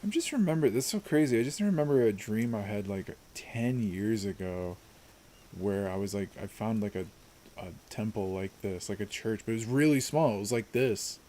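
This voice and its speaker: Chill guy rambling over a co-op game, lowish voice, bit of hiss behind. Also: normal speed, warm tone. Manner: laid-back, rambling, laughs often. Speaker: co-host. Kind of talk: casual gaming chat.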